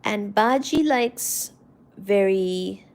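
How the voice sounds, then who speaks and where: Woman streamer, unhurried fond rambling, gravelly fry, trails off to near-whispers. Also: mid-range voice, animated. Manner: soft, affectionate, rambling, often drops to a near-whisper. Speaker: livestream host. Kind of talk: casual live-stream chat about her cats.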